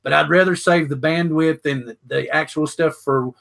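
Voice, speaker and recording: A man's voice: fairly high pitch, fairly even intonation, moderate pace, gravelly, a bit bright. An older man hosting a casual live show, talking in a rambling way with many fillers and restarts. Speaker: show host.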